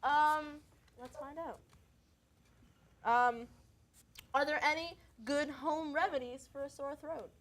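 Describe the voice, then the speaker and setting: A woman's voice: high voice, steady tone, slow, pauses often, fairly bright tone. A teenage girl panelist on a public-access show, wry and teasing in casual banter. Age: teens.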